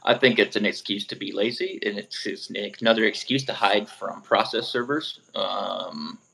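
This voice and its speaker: A man's voice: fairly low pitch, moderate pace, creaky, pushed and bright, low-quality recording. A man co-hosting a live stream, talking in a laid-back, profane way. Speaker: co-host. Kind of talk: casual live-stream chat.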